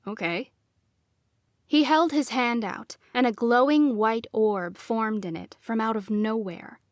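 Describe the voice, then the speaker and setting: A woman reading a first-person novel as audiobook narrator, in a measured, expressive delivery. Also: fairly high pitch, dry recording, clean studio sound.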